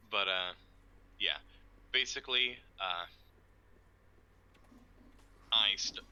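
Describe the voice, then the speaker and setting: A man streaming a game, explaining plans in a rambling, profane, excitable way. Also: fairly low pitch, smooth, rough recording. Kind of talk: casual chat while gaming.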